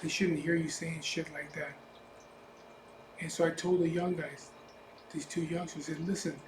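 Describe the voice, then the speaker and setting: A man's voice: a little high, level tone, normal speed, pauses often. A man telling a personal story in a blunt, profane, emphatic way, casual storytelling style as a biker vlogger. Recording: echoey room with faint ambient noise.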